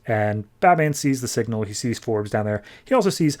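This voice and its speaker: A man's voice: medium pitch, measured pace, a little mellow. A man hosting a podcast, retelling comic book plots in a casual, chatty way full of fillers. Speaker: podcast host.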